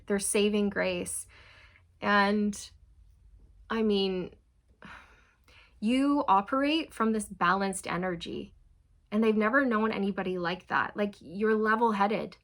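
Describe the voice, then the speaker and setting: A woman giving a channeled tarot reading to viewers, talking in a repetitive way with frequent "okay" and laughter. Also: medium pitch. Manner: warm, repetitive, addresses viewers as you guys; often laughs and says okay. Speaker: tarot reader.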